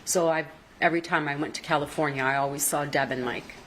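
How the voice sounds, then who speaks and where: A woman's voice: sits low, fairly even intonation, fast, fairly bright tone, a little hiss or hum, poor audio. A woman testifying as a witness in a courtroom, recounting events at length and quoting what others said, emotional and apologizing through tears. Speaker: trial witness.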